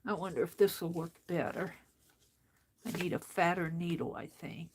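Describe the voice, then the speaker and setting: A woman's voice: lowish voice, normal speed, a little hiss or hum. A woman hosting an art journaling demonstration, talking to herself as she stitches in a book and getting mildly frustrated. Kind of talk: casual crafting demonstration.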